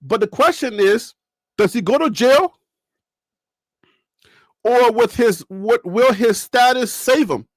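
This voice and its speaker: Very high-voiced man rambling on sports. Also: lively intonation, slow pace, long pauses, dry recording, clean studio sound. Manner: rambling, joking, asks the audience rhetorical questions. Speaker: sports talk show host. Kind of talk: casual sports talk commentary.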